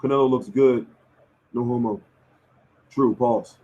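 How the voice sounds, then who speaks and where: Hoarse man chatting boxing on a stream. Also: mid-range voice, steady tone, unhurried, phone-quality sound. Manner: loose, profane, slangy banter answering chat. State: losing his voice. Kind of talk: casual live-stream chat.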